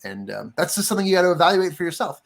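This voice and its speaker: A man's voice: high voice, big pitch swings, racing, vocal fry. A man co-hosting a casual book club discussion, earnest and rambling, with many fillers and restarts.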